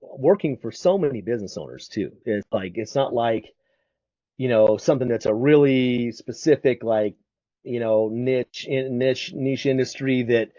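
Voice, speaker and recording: A man hosts the interview, asking long, meandering questions padded with fillers. His voice is mellow and relaxed. The audio is dry and somewhat muffled, like a remote call. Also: mid-range voice, normal speed, no echo. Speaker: podcast host.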